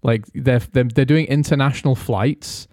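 Man, casual sports chat, animated, swears freely, middle pitch, dry close sound. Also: normal speed, dry recording. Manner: animated, swears freely, slips into mock quotes. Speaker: podcast co-host.

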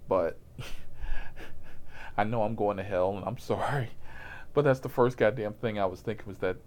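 A man's voice: fairly low pitch, measured pace, darkish tone. A man telling a profane, comic story about his rideshare job in a casual voice, laughing at himself as he goes.

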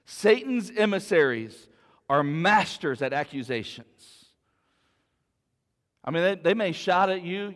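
A man's voice: high voice, big pitch swings, a little slow, pauses often, a bit bright, long reverb tail. A man preaching a sermon as pastor, earnest and storytelling, repeating words as he builds his point.

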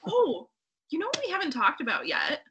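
A young woman talking casually about a book with friends, animated and quick to act out her own reactions. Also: high voice. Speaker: book club member.

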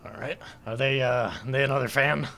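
Gravelly guy at the game table, bright edgy voice, chill and jokey. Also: mid-range voice, steady tone, brisk. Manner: laid-back, joking. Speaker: player. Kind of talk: casual tabletop play.

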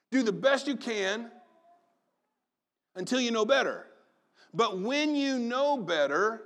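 A man preaching a sermon, telling a personal story with animated storytelling and acting out family members' voices. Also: high-pitched, unhurried, long pauses. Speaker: pastor.

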